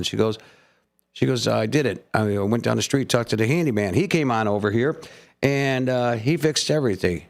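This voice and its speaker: A man's voice: medium pitch, expressive, fairly quick, creaky. A man co-hosting a morning radio show, rambling through stories and jokes and laughing often. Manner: rambling storyteller, laughs often, acts out voices. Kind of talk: casual on-air banter and joke telling. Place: radio studio. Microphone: studio microphone.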